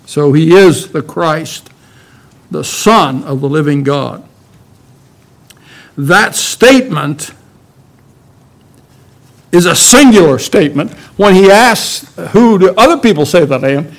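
A man preaching a sermon to his congregation, emphatic and deliberate, with many rhetorical questions. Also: fairly high pitch. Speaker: pastor.

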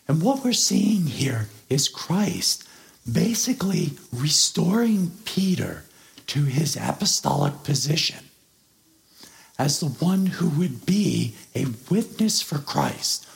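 A male pastor preaching at an unhurried pace, his voice rough with gravelly fry. He teaches earnestly and leans hard on key words. His pitch climbs and falls in a lively way as he unpacks the scripture. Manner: explains and expounds on a scripture passage. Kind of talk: sermon.

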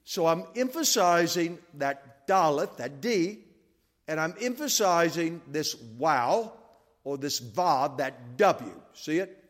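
Man, bible teacher, high pitch, explanatory, repeats points, reverberant hall. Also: animated, takes it slowly. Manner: explanatory, repeats key points, quizzes listeners.

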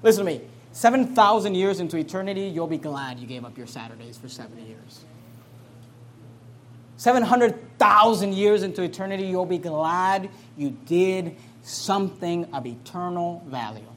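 A man with a notably high voice preaches a sermon from the pulpit as pastor. He presses hard with repeated rhetorical questions, dropping low and soft, then climbing loud and forceful. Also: lively intonation, normal speed, slight background noise.

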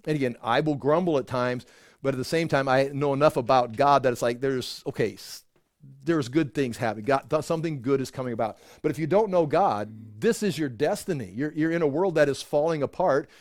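A man's voice: medium pitch, brisk, a little mellow, no echo, clean studio sound. A man leading an informal Bible study for a small group, talking conversationally with many restarts and the odd chuckle.

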